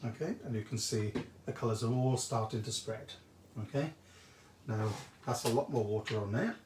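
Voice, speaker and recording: A man's voice: medium pitch, moderate pace. A chatty man hosts a live craft demonstration, greeting viewers by name as he walks through each step. His voice rings around a roomy, echoey indoor space. Faint background noise sits underneath. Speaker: craft shop host demonstrating a technique.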